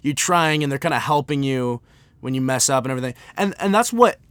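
An American man hosting a podcast, ranting off the cuff in an animated, sarcastic way, full of restarts. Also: mid-range voice, brisk, dry recording. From United States. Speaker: podcast host. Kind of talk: unscripted comedic rant.

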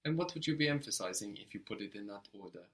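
A man's voice: fairly low pitch, lively intonation, quick pace, a bit bright. A man teaching a language lesson, patiently prompting a learner and giving short praise.

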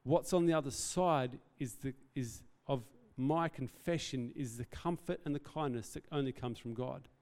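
A man delivers an earnest, conversational sermon, breaking into self-deprecating asides between his points. His voice is warm and mellow. He is heard in a hall with long reverb. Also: mid-range voice, normal speed, hardly any pauses. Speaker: pastor.

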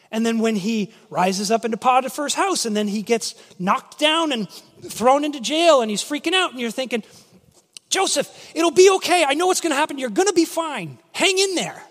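A man preaching a sermon, telling stories in an animated way and acting out the voices in quotes. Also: extremely high pitch. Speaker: pastor. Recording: long hall reverb.

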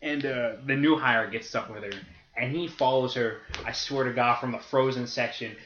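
A man's voice: medium pitch, normal speed, a little hiss or hum. Profane young man telling stories. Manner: profane, animated storytelling with laughter. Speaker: podcast co-host. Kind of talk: casual storytelling chat. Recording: roomy, dull lo-fi podcast audio.

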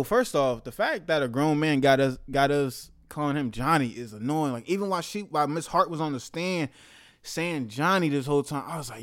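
Young male podcast host, raised pitch and a clean, resonant tone; loose, slang-heavy, animated solo rant. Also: fairly quick. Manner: slangy, profane, animated rants. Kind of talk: casual monologue.

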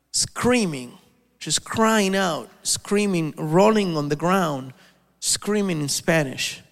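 A man preaching a sermon, telling a story with many halting restarts and repeated words. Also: a little high, smooth, long reverb tail.

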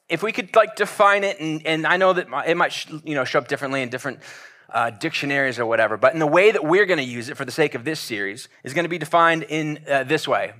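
A male teaching pastor gives a sermon in a loose, conversational way, his bright voice full of ums and restarts. He wanders through his points instead of reading a polished script. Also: mid-range voice. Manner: casual, rambling with many fillers and restarts.

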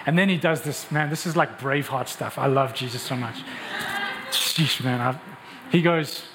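A man preaching a sermon, telling the story in an animated, emphatic way. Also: medium pitch, moderate pace, long reverb tail, slight background noise, low-quality recording. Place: church hall.

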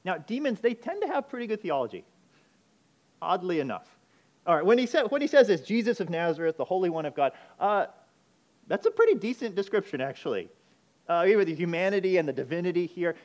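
A man preaching a sermon, emphatic, moving between urgent loud passages and quiet intense ones. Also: high-pitched, very animated, fairly quick. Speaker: pastor.

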